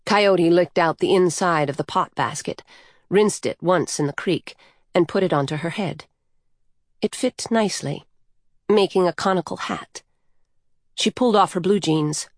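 A woman narrating a story in an unhurried, measured way. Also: on the low side, no echo, clean studio sound.

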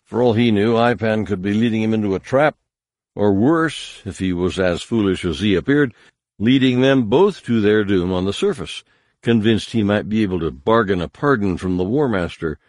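A man narrating a story in measured scripted narration, giving harsh commanding voices to the characters. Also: on the low side, expressive, darkish tone, no room sound, clean studio sound. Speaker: audiobook narrator.

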